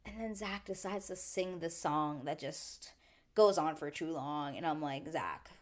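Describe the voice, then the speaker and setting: A young woman hosting a casual reality TV recap, chatty and animated, full of "like" and quick asides. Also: sits low. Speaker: recap show host.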